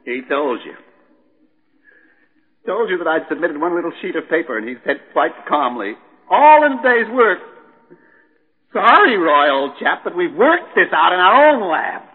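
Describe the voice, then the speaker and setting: A man's voice: on the high side, big pitch swings, normal speed, long pauses, husky. An actor playing a desperate, unhinged male chemist in a vintage radio drama, ranting and quoting scripture with stammers. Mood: ranting, despairing. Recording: tinny band-limited old recording, echoey.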